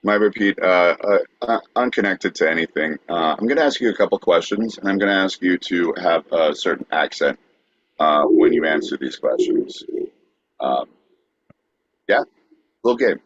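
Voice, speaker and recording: A man's voice: sits low, normal speed, dry recording, muffled recording. A man co-hosting a comedy podcast, hesitant and stumbling, joking at his own expense. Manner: hesitant, stumbling, self-mocking. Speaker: podcast co-host. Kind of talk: casual comedic banter.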